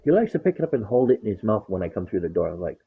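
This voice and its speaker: Husky, foul-mouthed man over a tinny line. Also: on the low side, big pitch swings, racing. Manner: rambling, swears a lot, acts out talk to his dog. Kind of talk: casual profane storytelling. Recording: tinny phone-like sound.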